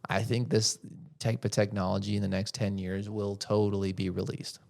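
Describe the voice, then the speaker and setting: A man's voice: fairly low pitch, flat delivery, normal speed, gravelly, a little mellow. A man hosting a podcast, giving an opinionated monologue and asking rhetorical questions that he answers himself. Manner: rhetorical, asks questions then answers them. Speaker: podcast host.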